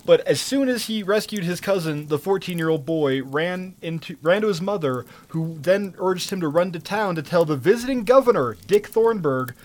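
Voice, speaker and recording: Sarcastic, swearing male storyteller. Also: a little high. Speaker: podcast co-host telling a story. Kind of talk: casual storytelling chat.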